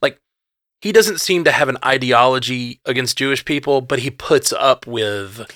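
Excited man gushing about a film. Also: mid-range voice, moderate pace, no room sound, studio quality. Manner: excitable, gushing, lots of fillers and restarts. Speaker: podcast co-host. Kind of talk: casual movie discussion.

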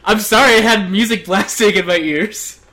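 A man's voice: sits high, moderate pace, pushed and bright. Chill guy hosting a gaming podcast quiz, laughs a lot, stumbles on his words. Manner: laughing, easygoing, stammers when flustered. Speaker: podcast host. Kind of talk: casual game-quiz podcast chat.

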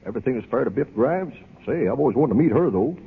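A man's voice: medium pitch, expressive, fast talker, vocal fry, slightly rough, exaggerated voice. A brash, cocky young man. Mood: boastful. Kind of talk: 1940s radio acting. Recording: tinny old radio broadcast, reverberant.

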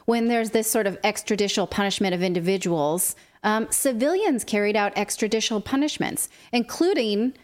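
A woman's voice: medium pitch, brisk, few pauses. A woman co-hosting a political commentary show, reading from a report with a sarcastic edge. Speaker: co-host.

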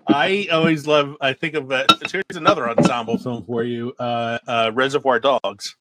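A man's voice: medium pitch, fairly even intonation, measured pace, pauses often, crowd noise, rough recording. A man in casual movie chat as a podcast co-host, laughing often and trailing off into fillers.

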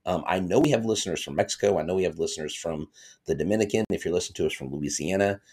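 A man hosting a live sports podcast, chatting casually and reading viewer comments aloud in excitable fan banter. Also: low-pitched, very fast, breathy edge. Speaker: podcast host.

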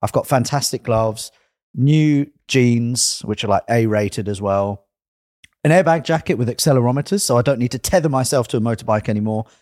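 A man from England chats casually on a podcast, telling a story in a winding way and stopping to fix his own slips. His voice sits at an ordinary middle pitch. The sound is dry and close, with no room echo. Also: brisk, a little mellow. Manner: rambling, self-correcting storyteller. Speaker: podcast co-host. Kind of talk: casual chat.

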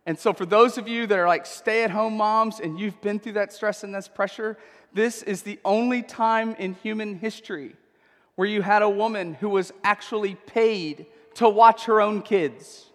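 A man's voice: sits high, normal speed, a bit bright, in a large hall. A male pastor preaching a sermon in a church, conversational and emphatic, often checking in with "okay?". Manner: conversational, emphatic, frequent tag questions.

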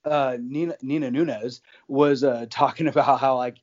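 A man talking sports casually, circling his point with fillers and restarts and breaking into laughs. His voice sits in a middle pitch. The audio is muffled and a bit dull. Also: steady tone, normal speed, a little mellow. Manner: rambling, many fillers and restarts, laughs often.

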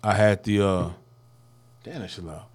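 A man in casual podcast chat, animated and slangy, with an air-conditioner hum in his microphone. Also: lowish voice, measured pace, faint music behind. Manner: animated, slangy, laughs often. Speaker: podcast co-host.

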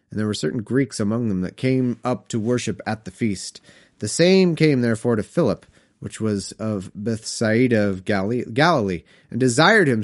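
A man reads old scripture aloud and keeps breaking off into wry, joking commentary. His pitch swings a lot, and the reading sounds unpolished and homemade. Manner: wry, joking asides between formal reading. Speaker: Bible reader and commentator. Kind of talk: scripture reading with comic asides.

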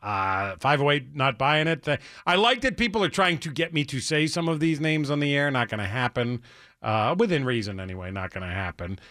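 A man's voice: medium pitch, expressive, fairly quick, sharp tone, no room sound. A man hosting a call-in talk radio show, chatting in wry, teasing banter from the studio.

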